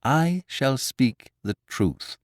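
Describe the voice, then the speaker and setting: A man's voice: medium pitch, very animated, unhurried, a little mellow, no room sound, clean studio sound, voice pushed up. A man playing a defiant young reporter. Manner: firm, eager, raised refusals. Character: defiant young male reporter, stubborn and eager. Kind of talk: audiobook character voice.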